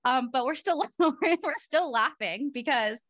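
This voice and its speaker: A woman co-hosting a casual podcast chat, bubbly and quick to laugh, with lots of fillers. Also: high-pitched, expressive, a bit bright, dry recording. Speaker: podcast co-host. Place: Arizona.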